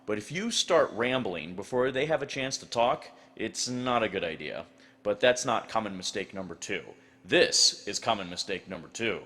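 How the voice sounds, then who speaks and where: A man narrating an instructional video on acting, measured and explanatory. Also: lowish voice, lively intonation, sharp tone.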